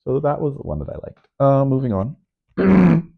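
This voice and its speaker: A man vlogging in a rambling, animated way, nervous on camera, who keeps jumping into sudden high, loud bursts. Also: moderate pace, gravelly. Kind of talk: casual vlog monologue. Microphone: microphone. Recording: narrow phone-like sound.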